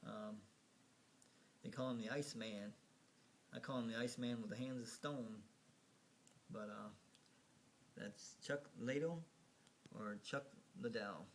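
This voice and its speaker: Unhurried man narrating a slideshow, rambling, hesitant, chuckling to himself, faint ambience behind. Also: fairly low pitch, steady tone, a little hiss or hum. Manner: rambling, hesitant, with many fillers and restarts; chuckles at his own remarks. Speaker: video narrator. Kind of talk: casual slideshow commentary.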